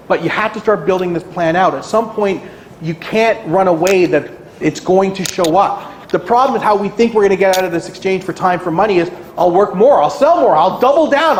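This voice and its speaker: A man giving an energetic motivational talk at an office meeting, often asking "right?" and acting out anxious clients in high, quick bursts. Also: slight background noise. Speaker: guest speaker at a realty kickoff meeting. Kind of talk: motivational presentation. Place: meeting room. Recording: echoey room.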